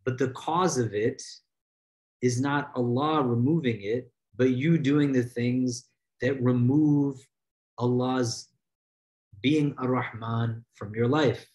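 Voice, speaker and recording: A man, an imam, teaching a religious lesson in an emphatic way, dropping his voice low and slowing down on key words. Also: steady tone, darkish tone. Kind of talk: religious lecture.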